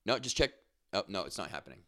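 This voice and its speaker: A man's voice: fairly low pitch, big pitch swings, quick pace, a bit bright. A man co-hosting a sports podcast, rambling and joking crudely with many fillers. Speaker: podcast co-host. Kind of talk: casual sports chat.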